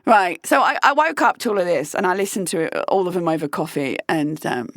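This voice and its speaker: A woman's voice: medium pitch, unhurried, no echo, clean studio sound. A woman hosting a podcast who tells a personal story in a candid, profane way and keeps breaking into laughter. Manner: animated, profane, laughing between lines. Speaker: podcast host.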